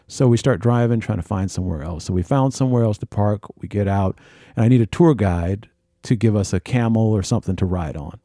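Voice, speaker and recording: Man telling a travel story, mellow. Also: on the low side, quick pace, no room sound, studio quality. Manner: animated storyteller acting out dialogue. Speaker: podcast host. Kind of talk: storytelling monologue.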